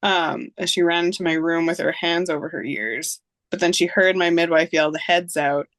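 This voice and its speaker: A woman's voice: fairly low pitch, fairly even intonation, moderate pace, fairly bright tone, no echo. A woman in her thirties, a podcast guest, recounting a personal story in casual chat, acting out dialogue with lots of fillers.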